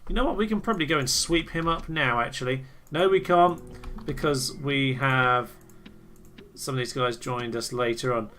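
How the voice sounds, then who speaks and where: A man giving excitable, theatrical commentary on a strategy game he is playing, often laughing and cheering. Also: medium pitch, moderate pace, a little hiss or hum. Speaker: let's play host. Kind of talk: gameplay commentary.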